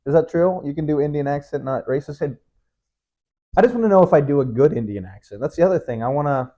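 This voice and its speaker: A young man hosts his own show, his voice a little high, mellow, animated and fast. He rambles through a casual monologue, swearing, restarting himself and chuckling often. The lo-fi recording sounds dull.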